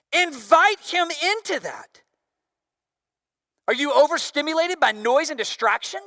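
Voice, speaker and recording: A young man preaching a sermon with a bright, forceful tone. He shifts from loud, shouted bursts to soft, hushed passages. The recording is dry and close, with no room echo. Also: very high-pitched, unhurried, long pauses. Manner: animated, swings from shouting to hushed. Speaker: pastor.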